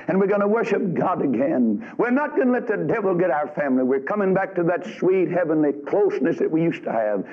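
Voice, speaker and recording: A man thunders through a revival sermon, folksy and scolding by turns. His voice sits high and swings widely up and down. The old recording sounds dull and lo-fi. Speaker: preacher.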